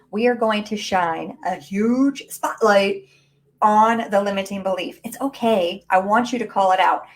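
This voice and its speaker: A woman coaching viewers in an emphatic, rallying live talk, speaking straight to her audience through a low-quality mic. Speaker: mindset and business coach. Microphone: low-quality built-in mic.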